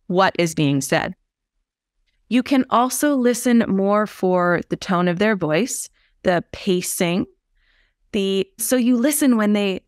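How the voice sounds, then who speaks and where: Calm, unhurried woman therapist. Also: mid-range voice, dry recording, clean studio sound. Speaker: somatic therapist guest. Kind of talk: reflective podcast conversation.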